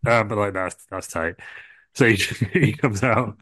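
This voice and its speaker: A man's voice: lowish voice, a little fast, fairly bright tone, no echo. A man co-hosting a comedy podcast, telling a rambling made-up story with lots of ums, restarts and giggles. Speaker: podcast co-host.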